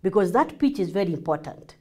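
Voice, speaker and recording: A Kenyan woman coaches a class on marriage, her voice sitting at an ordinary middle pitch. She teaches with energy and acts out everyday examples in changing voices, moving easily between English and Swahili. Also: sing-song, a little fast, dark tone.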